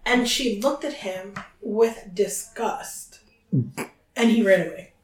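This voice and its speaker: A woman co-hosting a podcast, chatting casually and reading book passages aloud, animated and laughing often. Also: medium pitch, takes it slowly, soft background music. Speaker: podcast co-host. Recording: roomy echo.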